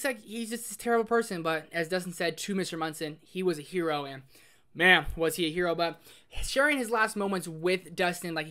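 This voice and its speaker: A man giving a casual spoiler review of a show. He gushes excitedly, says "like" constantly, and swings from loud exclamations to hushed emotional asides. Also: high voice, clean tone. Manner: excitable, gushing, heavy use of "like". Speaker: film review host.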